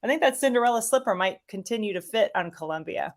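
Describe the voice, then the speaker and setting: A middle-aged soccer commentator guests on a casual interview, chatting with enthusiasm and animation and using plenty of fillers. Her voice is medium in pitch and she speaks fast.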